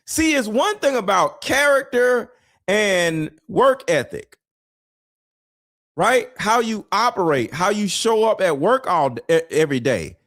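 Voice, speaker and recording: A man giving blunt, preachy reaction commentary, swearing and sometimes shouting. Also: high voice, sing-song, measured pace, no echo, studio quality. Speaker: commentary vlogger reacting to clips.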